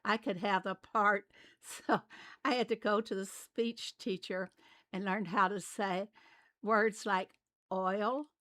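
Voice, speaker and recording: Her medium-pitched voice is steady, a little slow, and pushed and bright, with no echo in the recording. She's a game channel host from Arkansas, USA, who laughs a lot while casually talking through her gameplay in a light Southern accent.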